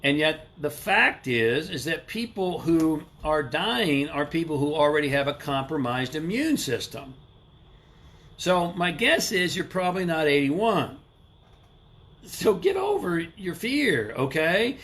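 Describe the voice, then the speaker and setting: A man's voice: on the high side, big pitch swings, a little slow, a bit bright. A middle-aged man hosting a motivational livestream, talking emphatically, asking rhetorical questions and greeting viewers by name. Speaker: livestream host. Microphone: live stream camera mic.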